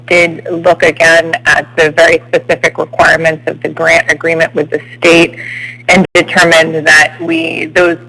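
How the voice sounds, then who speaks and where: A man speaking formally at a public meeting over a speakerphone, measured and careful, with many fillers, his voice coming through a garbled phone line. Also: on the high side, creaky, sharp tone. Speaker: city administration official.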